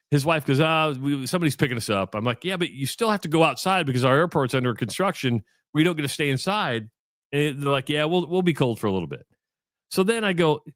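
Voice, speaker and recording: Radio co-host, middle-aged man, slightly high voice, rambling, animated storytelling, dry studio sound. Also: no echo. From Iowa. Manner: rambling, animated storyteller acting out both sides of a chat. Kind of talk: casual storytelling on sports radio.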